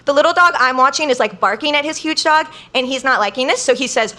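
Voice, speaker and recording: A young woman telling a comic story on stage to a live crowd, chatty and full of "like", quoting people in lively bursts. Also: high-pitched, fast, few pauses. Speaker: guest storyteller.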